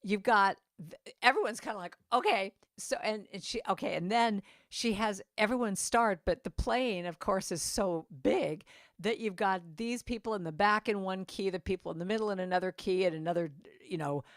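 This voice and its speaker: A middle-aged woman giving a sermon as a guest speaker, telling stories in an animated way and acting out the voices of people she quotes. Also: medium pitch, normal speed, dry recording, studio quality. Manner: animated, acts out quoted voices, laughs while talking. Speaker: guest speaker at a Sunday service. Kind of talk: storytelling sermon.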